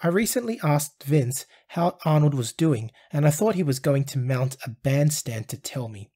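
A man hosting his own channel, reading a scripted documentary narration in a measured storytelling delivery. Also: fairly high pitch, animated, warm tone, breathy edge.

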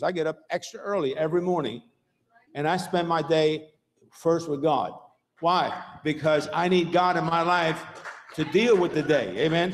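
High-voiced preacher in a reverberant church. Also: male voice. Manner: emphatic preacher with call-outs like "Hello?" and "Huh?". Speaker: pastor. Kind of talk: sermon. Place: church sanctuary. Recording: long reverb of a church hall.

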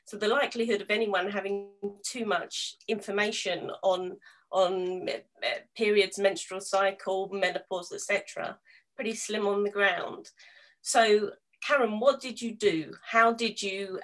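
A British woman from the UK moderating a panel in a chatty, teasing way with quick asides. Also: medium pitch, fairly bright tone. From United Kingdom. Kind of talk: casual panel chat.

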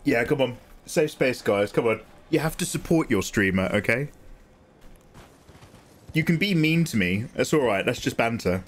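A man's voice: medium pitch, animated, moderate pace. A man doing live gameplay commentary as a streamer, joking with and teasing back at his viewers.

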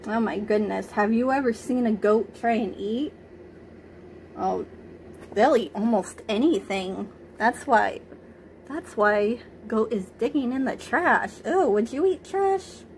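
A woman reading a picture book aloud to young children, gently stopping to ask them questions. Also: fairly high pitch, expressive, slow, slight background noise.

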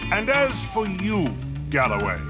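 Stern preachy headmaster for a video game, slightly high voice, stiff and authoritative. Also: male voice, wildly swooping pitch, unhurried, over loud music, exaggerated voice. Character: stern moralizing male school headmaster. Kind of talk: video game cutscene acting.

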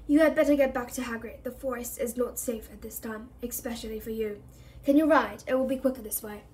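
A young, wise male centaur speaks slowly and gravely, as a woman reader gives him voice. The voice sits fairly high. It is a storybook reading. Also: fairly even intonation, a little mellow, close to an everyday voice. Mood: urgent.

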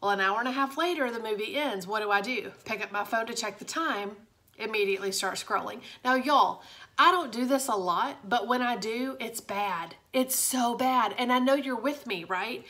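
A woman's voice: a little high, moderate pace, pushed and bright. A young woman, chatting casually and confidingly to viewers in a motivational vlog from her home office. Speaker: direct sales director.

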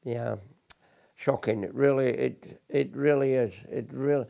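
Gravelly older veteran man. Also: medium pitch, steady tone, dark tone. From Britain. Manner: blunt, earnest, halting with restarts. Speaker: military veteran interviewee. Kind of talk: documentary interview recollection.

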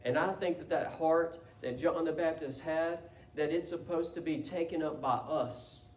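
High-voiced man preaching in an echoey church. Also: normal speed. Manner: impassioned preaching that swells into loud cries. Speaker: pastor. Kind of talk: sermon. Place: church sanctuary. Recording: echoey church room from a distance.

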